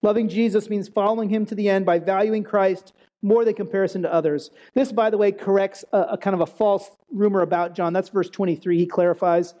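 Preacher, conversational sermon, mellow tone, casual, keeps asking "right?", acts out quotes. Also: mid-range voice, a little fast, few pauses. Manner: animated, acts out quoted speech. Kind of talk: conversational sermon on a Bible passage.

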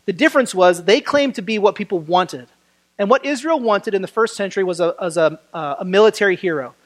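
Male preacher, animated and conversational, voices the people he quotes. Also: high voice, brisk. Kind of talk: sermon.

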